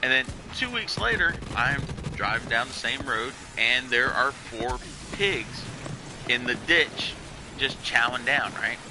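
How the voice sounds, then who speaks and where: A man from Delaware rambles through a story while gaming with friends, repeating himself and circling back. His voice sits at an ordinary pitch. Game sounds run clearly behind him. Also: lively intonation, a little slow, background noise. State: has been drinking. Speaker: gamer telling a story. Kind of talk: casual chat while gaming.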